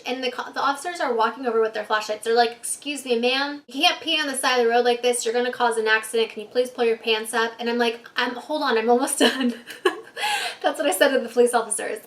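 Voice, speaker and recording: A woman's voice: fairly high pitch, a bit bright. Chatty, giggly woman vlogger. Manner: chatty, laughs often, lots of "like". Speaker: YouTube storyteller. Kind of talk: casual storytime vlog.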